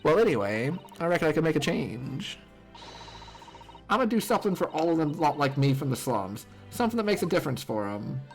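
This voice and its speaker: Streamer doing a brash slum pickpocket girl, slangy, cheerful, quick, gravelly. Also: medium pitch, very animated, soft background music. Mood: determined. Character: scrappy young female pickpocket from the slums.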